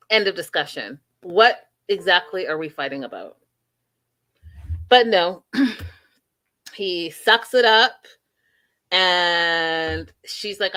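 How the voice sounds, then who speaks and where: A woman hosting a live recap show, telling the story with lively, opinionated asides and quoting people as she goes, talking straight to her viewers. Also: fairly low pitch, slow. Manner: addresses viewers directly as y'all and you guys. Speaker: host. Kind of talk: recap and review live stream.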